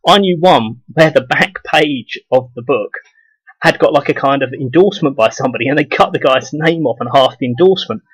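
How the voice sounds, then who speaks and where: A man with a slightly husky voice holds forth in a scornful, profane rant. His voice is dry and close, with no room around it. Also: mid-range voice, a little fast, dry recording, rough recording. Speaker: video blogger. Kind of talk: casual ranting monologue to camera.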